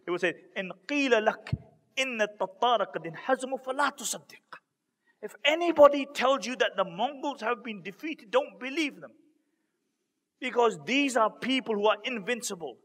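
A man's high-pitched, bright, and forceful voice rings through long hall reverb. He's an Islamic preacher telling stories in a sermon to a live audience, dramatically acting out each quoted speaker.

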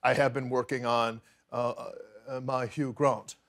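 A man in his fifties, a talk show guest, chatting in an animated way with stammers and quick laughs. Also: medium pitch, heavy background noise. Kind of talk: casual chat. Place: TV studio.

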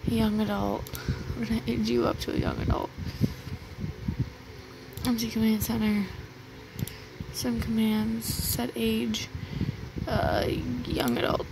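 A woman with a fairly high, gravelly voice talks through her gameplay at an unhurried pace. She reads menu commands aloud and lets out sighs of mild exasperation. A steady noisy hiss sits under the recording. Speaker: gaming video creator. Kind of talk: casual gameplay narration.

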